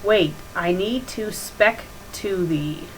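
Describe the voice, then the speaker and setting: A woman voicing a smug male vampire who speaks in slow, stilted old-fashioned words. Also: medium pitch, slight background noise, close to an everyday voice, low-quality recording. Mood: stiff, formal.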